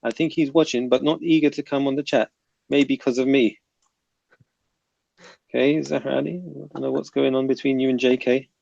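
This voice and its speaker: A man's voice: medium pitch, steady tone, moderate pace, gravelly, pauses often, darkish tone, dry recording, lo-fi sound. A man hosting a casual livestream panel, reading chat comments aloud and bantering with the panel.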